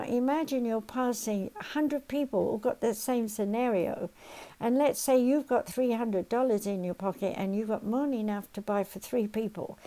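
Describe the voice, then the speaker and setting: An older woman, a counselor and teacher, gives a spoken lesson in a fairly high voice on poor audio. She animatedly walks listeners step by step through exercises, acting out everyday worries as she goes.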